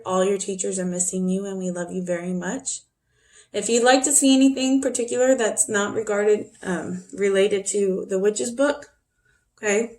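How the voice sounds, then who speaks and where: A woman teacher records a relaxed, chatty video lesson for her pupils from home. She talks in an easy, friendly way and keeps breaking off to speak to her dogs, with a middle-pitched voice.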